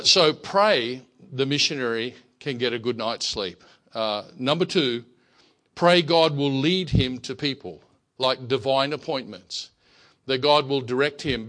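A man's voice: medium pitch, bright, forceful tone. Australian man preaching with anecdotes. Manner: anecdotal, repeats words when starting sentences. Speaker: missionary preacher. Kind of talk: sermon.

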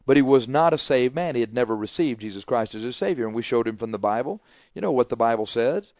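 A middle-aged male preacher delivers his sermon with emphatic, repetitive phrasing. He swings from forceful declarations down to quiet asides. His voice sits at an ordinary pitch, and the sound is dry and close. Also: lively intonation, quick pace, dry recording.

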